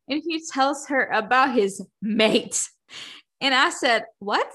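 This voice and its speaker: A young woman with a bright, forceful voice hosts a casual book-recap podcast. She talks in an animated, profane rush, laughs often and slips into little acted-out voices for the characters. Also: sits high, takes it slowly. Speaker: podcast host.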